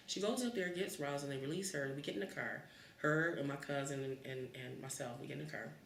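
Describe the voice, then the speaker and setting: A woman's voice: deep voice, a little hiss or hum. A woman in her fifties from Cleveland, telling stories from her childhood in an oral history interview and acting out the voices in them. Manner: animated, acts out the voices in her story. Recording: roomy, distant mic.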